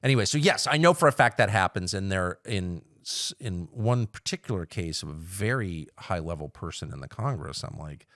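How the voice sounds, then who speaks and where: A middle-aged man, a podcast guest, talking candidly and wryly, dropping to low mutters and then jumping up in loud bursts. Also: expressive, moderate pace, few pauses, no echo, studio quality. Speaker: podcast guest, political commentator. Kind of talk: casual conversation.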